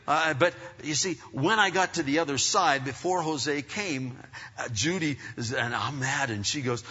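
Bright-voiced man telling a rambling sermon story. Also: a little high, moderate pace, husky. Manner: rambling, animated storyteller with many restarts. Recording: dull, echoey hall sound.

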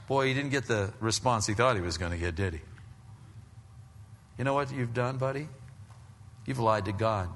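Male pastor, conversational sermon delivery, bright forceful tone, long hall reverb. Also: mid-range voice, moderate pace, pauses often. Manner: animated and conversational, with frequent restarts.

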